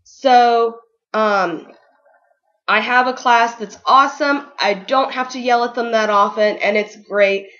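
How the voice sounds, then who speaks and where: A woman's voice: a little high, takes it slowly, a bit bright, muffled recording. A young woman teacher giving casual, upbeat advice in a vlog, full of ums and likes. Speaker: ESL kindergarten teacher.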